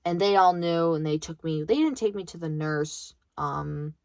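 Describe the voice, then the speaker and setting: Bitter young woman venting, low voice. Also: moderate pace, darkish tone, no echo. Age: young adult. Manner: bitter, blunt, swears freely. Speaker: vlogger. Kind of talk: venting monologue.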